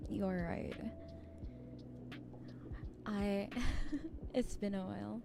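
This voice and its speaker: A woman streamer talking softly with her viewers in a giggly ASMR chat. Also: medium pitch, extremely slow, pauses often. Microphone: close ASMR microphone. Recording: clear background music underneath. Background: background music.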